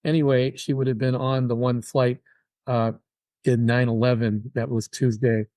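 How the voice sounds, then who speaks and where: An older man talking as a guest in an interview, telling personal stories with an animated delivery and acting out other people's words. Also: mid-range voice, normal speed, dry recording. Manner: animated, acts out quoted voices. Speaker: guest musician. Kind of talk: casual interview storytelling.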